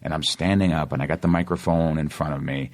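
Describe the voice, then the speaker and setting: A man's voice: rumbling low, fast. A man in his forties with a Boston accent, an actor chatting as an interview guest and acting out the lines he quotes. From Massachusetts. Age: 40s. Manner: animated storyteller, acts out quotes. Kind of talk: casual interview chat.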